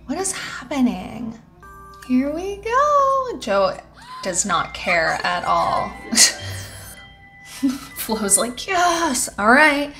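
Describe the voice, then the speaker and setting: A woman's voice: medium pitch, fairly bright tone. A young woman giving casual commentary on her life-simulation game, chatting and bossing her characters around. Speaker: gaming channel host.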